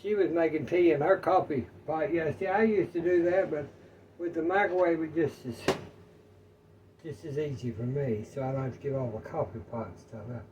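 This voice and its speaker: A man's voice: a little high, a little fast, darkish tone, distant mic, dull audio, a little hiss or hum. An older man, chatting in a folksy, rambling way while cooking in his home kitchen. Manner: folksy, rambling, talks to viewers as y'all. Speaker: cooking vlogger. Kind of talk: casual home cooking chat.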